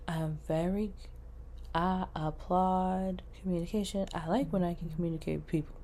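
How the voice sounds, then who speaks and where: A vlogger in her thirties rants comedically to camera, blunt and profane, swinging from loud outbursts to hushed asides and drawing words out for emphasis. Her voice is fairly low with fairly even intonation, at normal speed.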